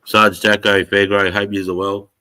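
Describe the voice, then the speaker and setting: A man's voice: on the low side, little pitch movement, normal speed, bright, forceful tone, low-quality recording. A man with an Australian accent hosting a livestream, chatting casually and swearing a lot, laughing as he retells things. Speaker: livestream host. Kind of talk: casual chat.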